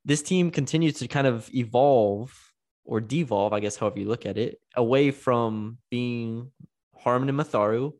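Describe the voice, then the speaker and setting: Male co-host, mid pitch, casual stat-heavy basketball talk. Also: normal speed, a little mellow. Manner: talks through stats, trips over words. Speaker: podcast co-host. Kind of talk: casual sports chat.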